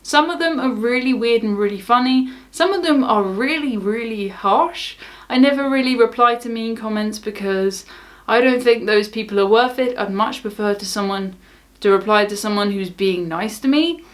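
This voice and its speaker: A woman's voice: a little high, moderate pace. A young woman from the south of England with a southern English accent, chatting casually to camera as a cruise vlogger in a wry, unbothered way. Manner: wry, unbothered, laughs things off.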